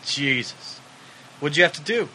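Bright, lively man reacting in short bursts. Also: a little high, a little slow, husky, poor audio. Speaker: listener. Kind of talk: casual chat.

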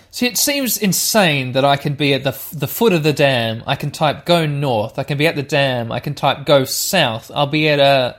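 A man hosting a let's-play podcast, rambling and self-mocking as he plays a text adventure and talks to his listeners. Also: medium pitch. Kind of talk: casual let's-play commentary.

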